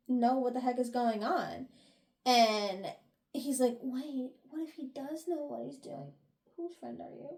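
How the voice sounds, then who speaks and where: A woman's voice: sits high, warm tone. A young woman co-hosting a book review podcast, retelling chapters casually and acting out the characters' lines with lots of laughs. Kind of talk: casual book recap chat.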